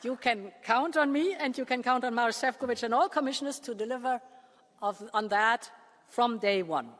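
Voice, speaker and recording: A woman leader giving a formal prepared speech to a parliament. She speaks in a measured way and slows down with pauses to stress key words. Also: a little high, some chatter behind. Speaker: political leader addressing a parliament. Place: large parliament chamber. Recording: long reverb of a large chamber.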